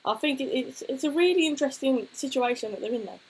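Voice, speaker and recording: A woman's voice: high-pitched, expressive, fast talker, slight background noise, low-quality recording. A young woman, co-hosting a casual football chat and reading out viewer questions. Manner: chatty, reads out viewer questions. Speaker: co-host.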